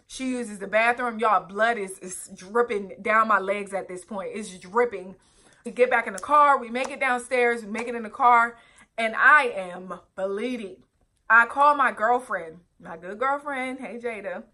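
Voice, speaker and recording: A woman's voice: on the high side, a little slow, pushed and bright. A young woman vlogger telling a personal story earnestly, with direct asides to her viewers. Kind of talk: storytime vlog, recounting a personal ordeal.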